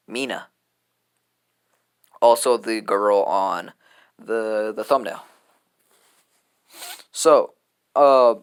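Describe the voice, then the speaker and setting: A man's voice: fairly low pitch, smooth. A man tells a fan story off the cuff, rambling and offhand. His delivery is loose and full of fillers and restarts, like casual talk rather than a reading. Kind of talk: casual improvised story retelling.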